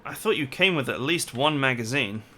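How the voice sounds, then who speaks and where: A man's voice: mid-range voice, expressive, moderate pace, sharp tone. A man casually commenting on his own strategy game as he plays, reacting aloud to each turn. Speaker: gaming commentator. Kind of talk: let's play commentary.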